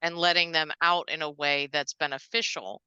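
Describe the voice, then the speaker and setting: A woman's voice: sits low, steady tone, moderate pace, sharp tone, smooth, dry recording, muffled recording. A woman hosting a podcast interview, agreeing with her guest and building on her points in a casual conversation. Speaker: podcast host.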